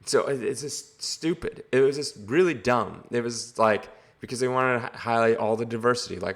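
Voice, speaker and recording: A man's voice: mid-range voice, brisk, gravelly, hardly any pauses. A man giving a casual, rambling movie review, exasperated and full of filler words. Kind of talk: casual video review rant.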